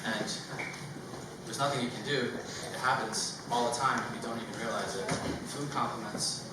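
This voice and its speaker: A nervous male comedian works through his stand-up set in a halting way, stumbling over ums and uhs. He sounds far from the mic in a very echoey room. Loud noise sits under his voice. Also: mid-range voice. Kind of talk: stand-up routine. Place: comedy stage before a live audience.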